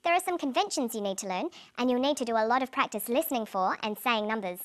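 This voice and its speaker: A woman presenting an English lesson in clear, deliberate scripted narration, slowing down on example words. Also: on the high side, expressive, a bit bright.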